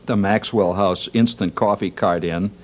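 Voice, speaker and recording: A man's voice: deep voice, fairly even intonation, measured pace. A man hosting a TV talk show, doing a jokey, wry comic monologue and laughing at his own jokes.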